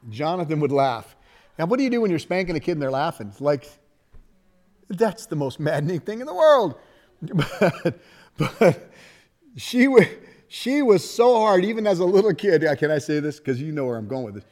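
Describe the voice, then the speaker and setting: A middle-aged pastor with a voice a bit higher than most men's preaches in a relaxed, chatty way, joking often with the congregation in front of him. He shares family stories as though among friends, his folksy, conversational sermon sprinkled with laughter and asides.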